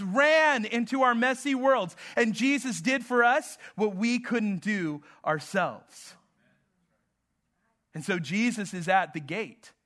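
A man preaching a sermon, telling family stories with humor and a slow, emphatic delivery. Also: very high voice, sharp tone. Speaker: pastor.

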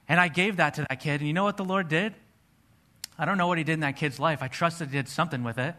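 Bright-voiced earnest male preacher. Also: fairly high pitch, fast talker. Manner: earnest storytelling, acts out his own past dialogue. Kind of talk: sermon with personal testimony.

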